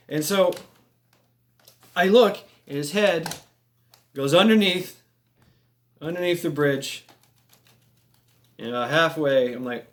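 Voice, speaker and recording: A man casually telling a long story, rambling and animated, swearing freely and making little sound effects as he goes. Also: a little high, normal speed, pauses often. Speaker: vlogger telling a military story.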